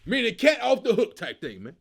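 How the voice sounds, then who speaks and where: A man hosting his own comedy show, giving casual, animated commentary and telling stories, laughing and slipping into character voices. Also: high-pitched, a little fast, gravelly, husky.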